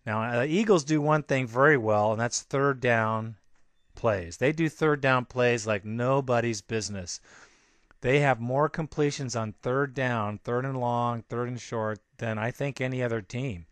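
A man's voice: medium pitch, a little slow, smooth, no room sound. A man hosting a sports podcast, ranting angrily and emphatically with lots of repetition. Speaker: podcast host. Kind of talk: fired-up sports podcast rant.

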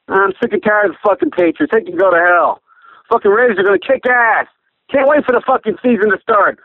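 A man's voice: sits high, fairly quick, dry recording. A man phoning in an angry, profane rant, cursing constantly. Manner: profane, furious ranting. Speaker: caller. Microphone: phone. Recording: tinny phone line.

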